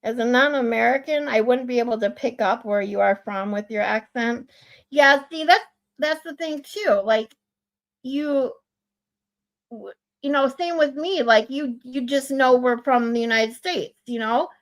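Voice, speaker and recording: A woman with a Michigan accent and a high, nasal voice, chatting casually on a livestream, laughing often. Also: measured pace. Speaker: livestream co-host. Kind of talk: casual chat.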